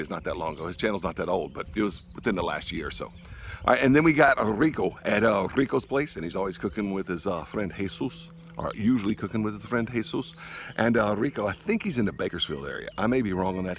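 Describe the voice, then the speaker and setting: A middle-aged man with a fairly low voice talks his viewers through a recipe. His delivery is folksy and rambling, and he keeps tossing in a quick "all right?". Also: fairly bright tone, a little hiss or hum. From Louisiana, USA. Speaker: cooking channel host. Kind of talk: casual cooking video talk.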